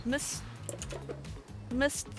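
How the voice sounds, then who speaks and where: A woman's voice: very slow, faint music behind. A woman streaming a dating game, reading the lines aloud and reacting with giggles and silly attempts. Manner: giggly, excitable, trying out silly accents.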